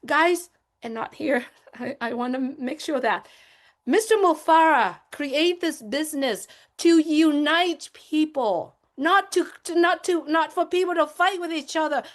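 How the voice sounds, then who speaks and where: High-voiced woman lecturing emphatically. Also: measured pace. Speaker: panelist on a company webinar. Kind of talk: impassioned motivational talk.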